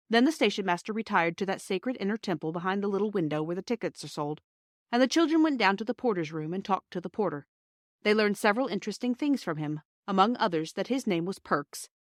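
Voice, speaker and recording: A woman's voice: medium pitch, no echo. Woman reading a storybook, dry sound. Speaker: reader.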